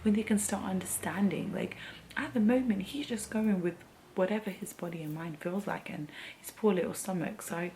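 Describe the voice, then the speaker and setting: Her voice medium-pitched and darkish, at a normal speed, a young woman opens up in a heartfelt vlog about post-baby life, rambling until she's teary and emotional. The low-quality recording has a little hiss or hum.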